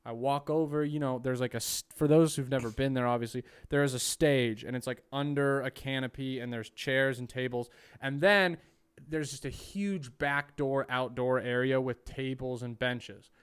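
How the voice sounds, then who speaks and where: A young man hosting a podcast, telling a story in casual chat, animated and profane, acting out what people said. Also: mid-range voice, normal speed, clean tone. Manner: animated, profane, acts out quotes. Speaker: podcast host.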